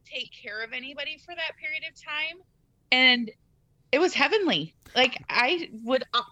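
A woman's voice: high voice, lively intonation, moderate pace, pushed and bright, no room sound, highs cut off. A woman guest from Iowa in casual chat over a video call, hesitant and laughing as she answers. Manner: hesitant, full of fillers, laughs easily.

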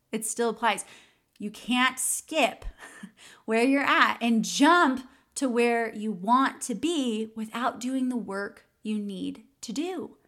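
A woman's voice: medium pitch, fairly bright tone. A woman hosting a solo podcast and coaching her listeners through a journaling exercise. She speaks encouragingly, often laughs, and repeats key phrases. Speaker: podcast host and mindset coach.

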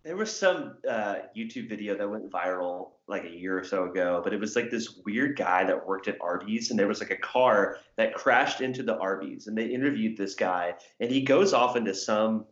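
A man's voice: fairly low pitch, expressive, normal speed, hardly any pauses, fairly bright tone, reverberant, highs cut off. A young man co-hosting a casual podcast chat, rambling with lots of filler words. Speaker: podcast co-host.

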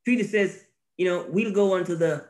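Male podcast co-host, slightly high voice, animated and preachy, repetitive, laughing. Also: normal speed. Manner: animated, repeats phrases, laughs often, preachy emphasis. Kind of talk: casual religious podcast talk.

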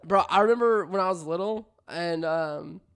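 Gravelly dude on a podcast, crude jokes, super casual. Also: male voice, sits high, moderate pace, a bit bright. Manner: crude, joking, often breaks into laughter. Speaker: podcast co-host.

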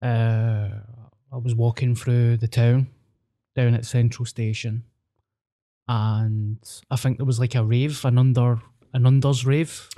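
A young Glaswegian man co-hosts a podcast, spinning a sweary, self-mocking story. His voice sits dark and mellow. He talks loosely and casually. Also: mid-range voice, flat delivery, takes it slowly. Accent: Scottish, Glasgow. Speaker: podcast co-host. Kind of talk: casual chat.

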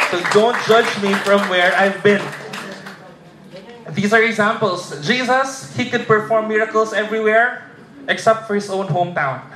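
A Filipino man preaching a lively sermon as a pastor, often asking the congregation if they are with him. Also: sits high, slight background noise. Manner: animated, audience-prompting, humorous. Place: church. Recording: echoey church hall with congregation.

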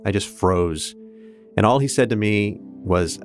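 Interview guest, middle-aged man, very low voice, earnest storyteller, faint music under him. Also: unhurried. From Kansas, United States. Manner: earnest, candid, with restarts and laughs. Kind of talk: reflective personal storytelling.

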